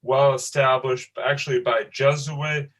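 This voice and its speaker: A man co-hosting a casual sports history podcast, relaxed and easygoing with light jokes. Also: mid-range voice, measured pace, rough recording. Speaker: podcast co-host.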